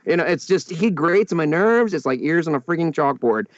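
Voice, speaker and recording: A man in casual chat, animated and laughing often as he rants. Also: on the high side, moderate pace, no echo, lo-fi sound.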